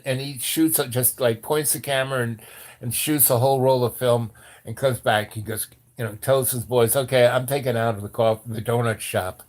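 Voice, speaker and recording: An older man telling a rambling personal story in casual talk, with many restarts, acting out the voices of the people he quotes. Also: medium pitch. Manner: animated, acts out quoted voices.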